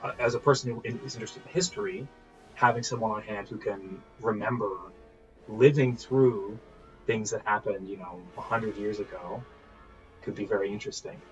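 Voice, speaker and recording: A man narrating a solo tabletop game as game master, relaxed and rambling, with frequent laughs and fillers. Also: fairly low pitch, normal speed. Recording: dull lo-fi recording with faint music.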